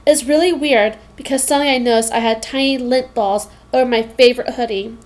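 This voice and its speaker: A woman narrating a children's book in the first person, her voice a touch higher than most. She reads with lively expression and the occasional stumble over a word. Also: fairly quick. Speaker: reader. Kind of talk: reading a children's novel aloud.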